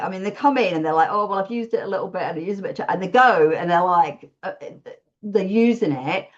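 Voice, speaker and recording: Candid woman, lo-fi call audio. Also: mid-range voice. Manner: candid, self-deprecating, laughs often. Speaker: WordPress support freelancer, podcast guest. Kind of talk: casual interview chat.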